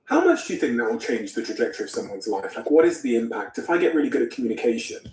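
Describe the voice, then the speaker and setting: A man's voice: mid-range voice, lively intonation, very fast, darkish tone, echoey room, low-quality recording. A man hosting a podcast, asking his guest direct, earnest questions and asking listeners to subscribe. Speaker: podcast host. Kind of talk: interview questions and show plug.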